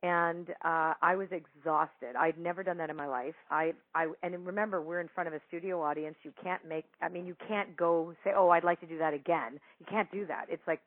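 A woman's voice: lowish voice, a little fast, hardly any pauses. Chatty woman on a tinny line. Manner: chatty, laughing, animated quoting. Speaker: psychic medium guest telling a story. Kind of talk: casual storytelling interview. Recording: dry tinny phone-like line.

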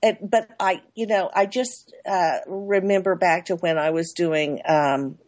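A woman's voice: lowish voice, steady tone, unhurried, darkish tone, dry recording. A middle-aged woman publicist being interviewed, talking in rambling loops that repeat and restart. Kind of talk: interview guest.

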